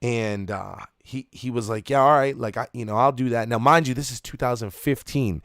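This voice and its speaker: A man's voice: medium pitch, moderate pace, a bit bright, no echo, studio quality. A man in his thirties, co-host of a podcast, telling a rambling, profane story with lots of restarts. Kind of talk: casual storytelling.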